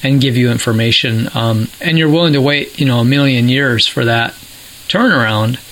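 A man's voice: mid-range voice, moderate pace, a bit bright, poor audio. A man explaining things in a casual podcast chat, with jokey asides.

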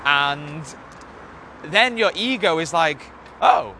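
Young guy podcasting, bright tense voice, rambly and sweary, lots of filler. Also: medium pitch, animated, normal speed, a little hiss or hum. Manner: rambling and profane, loose filler-heavy delivery. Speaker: podcast host. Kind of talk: casual monologue.

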